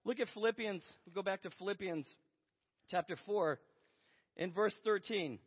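A man's voice: high voice, normal speed, slightly rough. A man preaching a sermon, telling a story with self-deprecating humor. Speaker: pastor. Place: church sanctuary. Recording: lo-fi with long hall reverb.

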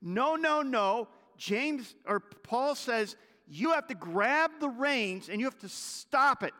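A male pastor delivering a sermon, swinging from loud exhortation to hushed intensity. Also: very high-pitched, lively intonation, takes it slowly. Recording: long hall reverb.

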